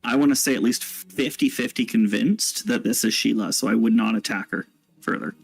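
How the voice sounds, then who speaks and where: A man's voice: mid-range voice, normal speed, gravelly, husky, dry recording, soft background music, rough recording. A man playing a tabletop game, upbeat and chuckling as he announces his actions. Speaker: player. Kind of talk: casual tabletop play.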